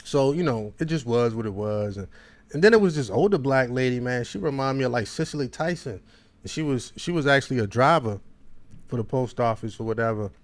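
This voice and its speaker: A man's voice: mid-range voice, animated, fairly quick. A man with a Baltimore accent hosting a podcast, telling a long, rambling story in casual slang. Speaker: podcast host.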